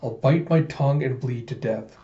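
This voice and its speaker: A man's voice: medium pitch, normal speed, warm tone, a little hiss or hum, natural voice. A man voicing a distraught, helpless young man who pleads through tears, in a roomy, dull recording.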